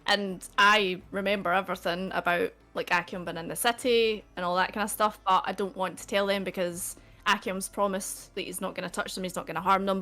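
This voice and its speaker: Excitable woman role-playing. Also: medium pitch. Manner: excitable, apologetic, laughs often. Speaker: player. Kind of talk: tabletop role-play in character.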